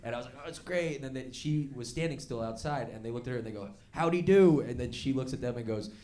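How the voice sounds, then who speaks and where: A man doing stand-up storytelling on stage, animated and laughing along as he acts out the voices in his story. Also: medium pitch, rapid-fire. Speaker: stand-up comedian. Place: comedy club stage before a live audience. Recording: stage mic with loud crowd laughter.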